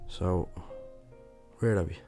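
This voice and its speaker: A man's voice: sits low, slow pace, dark tone, soft background music. A young man with a Dublin Irish accent, hosting a casual solo podcast, rambling with lots of fillers and restarts. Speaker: podcast host and musician.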